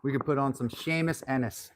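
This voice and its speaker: A man's voice: mid-range voice, brisk, slight background noise. A middle-aged man hosting a casual live stream from his workshop while tanning hide, joking around and playfully putting on an Irish accent. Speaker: leather-working livestream host. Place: home workshop, indoors.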